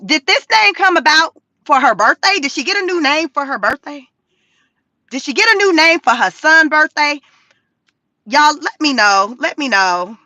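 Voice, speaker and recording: A woman talking casually on a livestream, profane and animated, laughing often. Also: high-pitched, moderate pace, no echo. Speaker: YouTube commentary creator.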